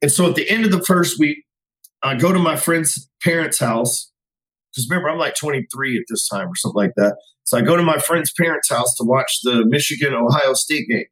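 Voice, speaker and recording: A man in his forties tells a personal story on a podcast in a loose, conversational way. He swears easily and acts out each voice in his dialogue, at an ordinary middle pitch. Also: fairly quick, fairly bright tone, poor audio. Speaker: podcast guest, sales company CEO. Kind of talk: casual storytelling.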